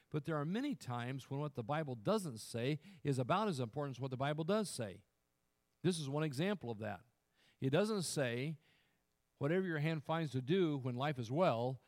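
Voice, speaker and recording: A man preaching a sermon, who swells loud to stress a point, then drops quiet and earnest, and often restarts words as he presses on. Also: mid-range voice. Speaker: pastor.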